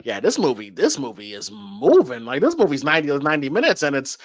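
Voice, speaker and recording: A man co-hosting a casual horror movie watch-along podcast, rambling and excitable, with lots of fillers and swearing. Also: fairly high pitch, fast, gravelly, dry recording, poor audio. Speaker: podcast co-host.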